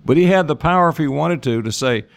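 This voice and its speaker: A man preaching a sermon, reading scripture aloud with folksy asides and slowing down, his voice rising, to stress key points. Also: expressive, vocal fry. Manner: emphatic, slows down and rises in pitch to stress points.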